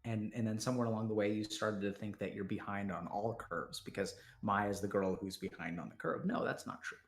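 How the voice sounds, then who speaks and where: Soft-spoken halting man on a roomy call. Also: on the low side, fairly even intonation. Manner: halting, repeats words when starting a sentence. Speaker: guest counselor on a stream. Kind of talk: supportive conversation. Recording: roomy echo.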